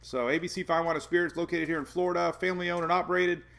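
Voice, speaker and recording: This weather show host streams live from home, chatting in a rambling, self-deprecating, jokey way with plenty of laughs. His voice is high-pitched, gravelly and fairly bright, steady in tone but racing along.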